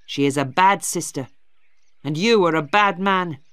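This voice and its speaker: A woman's voice: lowish voice, measured pace, clean tone, dry recording, pitched above the performer's own voice. A woman playing a harsh, stern young brother. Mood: angry. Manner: harsh, forceful. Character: stern, angry young man, Maggie's brother.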